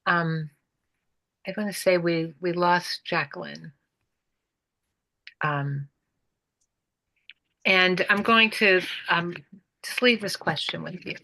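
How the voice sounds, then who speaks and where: Woman gently leading a discussion. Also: fairly low pitch, slow, creaky, pauses often, low-quality recording. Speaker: group facilitator.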